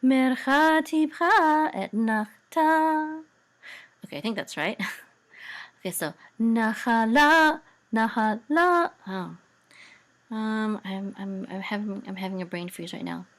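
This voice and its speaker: A woman teaching a Hebrew reading and chanting lesson in a casual, hesitant way, full of ums and self-corrections, who breaks into a higher, louder chant on the examples. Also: steady tone, moderate pace, pauses often.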